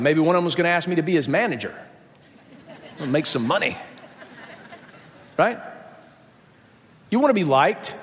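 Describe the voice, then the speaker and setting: A man's voice: fairly high pitch, fairly bright tone, big-room sound. A man preaching a sermon, telling a personal story and acting out the voices of the people in it. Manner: storytelling, acts out quoted voices.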